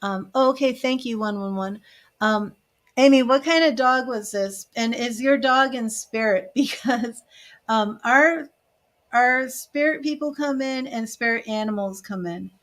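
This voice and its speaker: A woman's voice: fairly high pitch, unhurried, fairly bright tone. Chatty, gushing woman psychic medium. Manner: emotional, gushing, tearful at times; chatty with many fillers, laughs often. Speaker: tarot reader and psychic medium. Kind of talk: live-stream reading.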